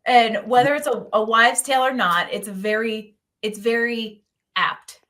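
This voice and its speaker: A woman's voice: on the high side, steady tone, unhurried, pushed and bright. A woman hosting a podcast, chatting and chiming in with agreement. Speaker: podcast host. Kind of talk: conversational interview.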